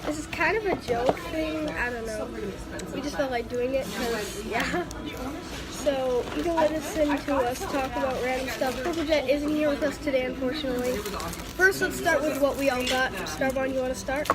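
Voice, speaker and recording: A woman with a high voice hosts a casual eating vlog in a fast-food restaurant. She chats and rambles, often trailing off with unsure asides. Loud crowd chatter surrounds her. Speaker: channel host.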